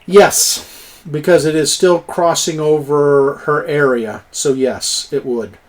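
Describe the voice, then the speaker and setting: A man's voice: on the high side, fairly even intonation, slow pace. A man narrating a tabletop game as game master, chuckling and cheering on the players' rolls. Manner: chuckling, encouraging, plays up dice rolls.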